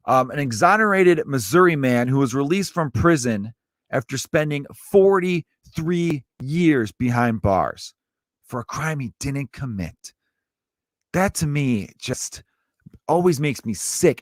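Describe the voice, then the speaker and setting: A male comedian rants on his podcast, cursing freely and swerving from one topic to the next. His voice sits at a middling pitch in a dry, close-miked sound with no room echo. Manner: ranting, profane, jumps between topics.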